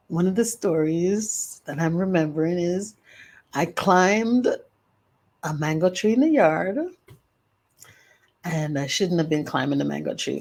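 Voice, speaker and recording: An older woman, hosting a podcast and telling her life story with emphatic, drawn-out phrases. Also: lowish voice, gravelly, a little mellow. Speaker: podcast host and author. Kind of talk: personal storytelling monologue.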